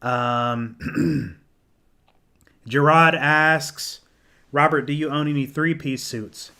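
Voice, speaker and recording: A young man casually answering viewer comments on a live stream, rambling with ums and restarts, clearing his throat and losing his voice. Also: a little high, fairly even intonation, slow, sharp tone. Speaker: menswear YouTuber hosting a live Q&A.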